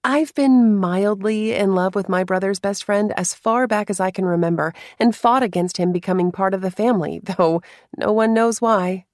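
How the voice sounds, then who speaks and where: A woman narrating a first-person romance story in a soft, confiding way, with hushed asides. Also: medium pitch, moderate pace, no echo, studio quality.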